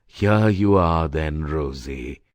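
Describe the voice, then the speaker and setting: Storybook: female reader doing a slow, deep, jumpy young man, nervous and snappish. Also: very animated, husky, no echo, heavily acted. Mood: trembling. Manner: nervous and irritable.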